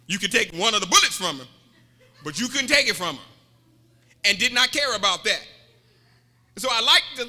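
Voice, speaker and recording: A man's voice: high-pitched, bright, forceful tone. A man preaching a sermon, joking and repeating himself, calling out to the congregation. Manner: joking, repetitive, calls out to the congregation. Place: church. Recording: reverberant church hall.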